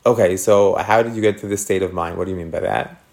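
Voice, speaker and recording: A man's voice: deep voice, fast talker, gravelly, darkish tone, slight background noise. A man teaching a text class on scripture, asking his students questions and thinking aloud as he explains. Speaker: Torah teacher.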